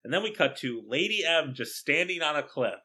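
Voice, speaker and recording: A man's voice: fairly high pitch, lively intonation, fairly quick, sharp tone, husky. A man co-hosting a casual chat about a play, giving dry, jokey commentary. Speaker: podcast co-host.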